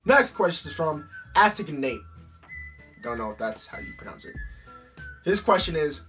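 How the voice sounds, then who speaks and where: A man's voice: on the high side, normal speed, over music. A teenage boy answering fan questions in a casual vlog, talking bluntly with plenty of swearing and fillers.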